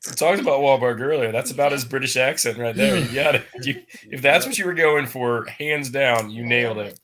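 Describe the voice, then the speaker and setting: A man's voice: medium pitch, expressive, fairly quick, a bit bright. A man chatting casually on a podcast, making emphatic, wry points. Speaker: podcast guest. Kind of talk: casual chat.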